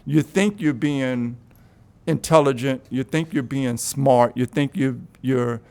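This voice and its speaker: A man co-hosting a casual talk show who speaks frankly and offers strong opinions. His voice is gravelly with plenty of fry. It sits at a middle pitch. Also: slow, darkish tone. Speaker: co-host. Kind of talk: casual chat.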